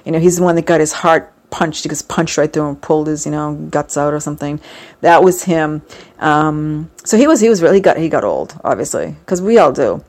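Rambling chatty woman, lowish voice. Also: a little fast, darkish tone. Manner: chatty and rambling, many fillers, gushing. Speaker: vlogger recounting a fan convention. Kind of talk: casual chat.

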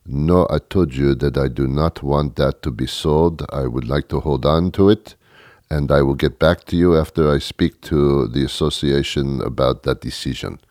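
A phony Frenchman murmurs in a thick fake French accent, as a man puts him on. The voice drops deep and quiet, slow and suave. The sound is close and dry. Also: dry recording. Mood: self-important. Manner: slow, hushed, suave put-on. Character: phony Frenchman at a hotel bar, smooth-talking and lonely.

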